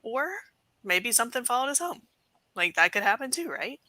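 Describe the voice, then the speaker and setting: A woman's voice: on the high side, very animated, moderate pace, sharp tone, dry recording, rough recording. A woman paranormal investigator musing in a thoughtful, hedging way during a panel discussion on a video call.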